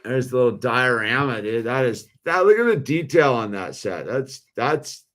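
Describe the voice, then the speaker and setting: A man's voice: mid-range voice, expressive, normal speed, fairly bright tone. A man hosting a toy-building video in a laid-back, slangy way, saying dude a lot. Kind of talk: casual commentary while building.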